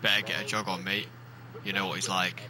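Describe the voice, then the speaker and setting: A casual young British flatmate passes on a message, as a man puts on the voice. He speaks low and monotone, offhand. A crowd hums behind. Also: a little fast, lightly acted. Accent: put-on British.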